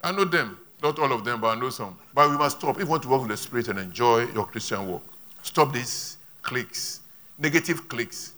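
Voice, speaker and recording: A male pastor, preaching a sermon with emphatic rises and quiet asides. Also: medium pitch, lively intonation, a little fast.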